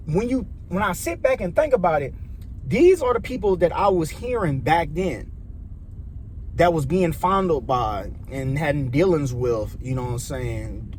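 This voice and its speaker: Ranting casually about his opinions, this young man from Chicago speaks with the local accent, swearing, rambling, and circling back on himself as a vlogger. His voice is a little high, with slight background noise.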